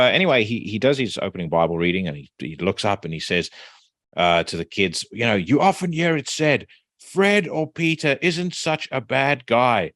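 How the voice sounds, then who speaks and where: A man hosting a podcast, telling stories casually in an animated way, with swearing and frequent restarts. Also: low-pitched, dry recording, studio quality. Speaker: podcast host.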